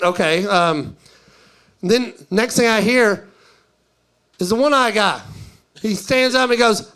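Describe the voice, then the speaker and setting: A stand-up comedian, a man, telling a story to a live audience. His voice sits high, and he talks in a chatty, animated way, acting out each line of dialogue. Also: moderate pace, gravelly.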